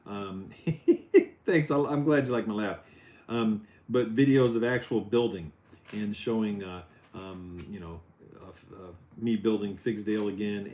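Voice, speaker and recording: A middle-aged man hosting a casual Lego building livestream, loose and chatty, his voice jumping up when he gets excited. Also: on the low side. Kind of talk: casual chat while building. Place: home office.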